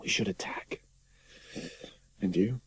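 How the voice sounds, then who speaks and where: Man playing a worn-out officer, very low and breathy, slow and hushed. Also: level tone, exaggerated voice. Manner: quiet, hushed, half-whispered. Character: exhausted, shaken young male cavalry officer. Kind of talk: radio drama acting.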